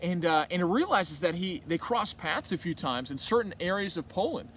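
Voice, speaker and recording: Chatty higher-voiced man retelling a story. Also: lively intonation, moderate pace, fairly bright tone, slight background noise. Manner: conversational, rambling, with many restarts and quoted dialogue. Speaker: retreat speaker. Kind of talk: casual faith talk telling a story.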